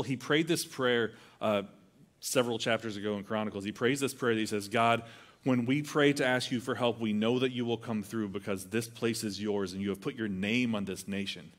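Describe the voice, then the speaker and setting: A man's voice: medium pitch, fairly even intonation, normal speed. A man preaching a sermon in a conversational way, acting out quoted voices as he tells the story. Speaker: pastor.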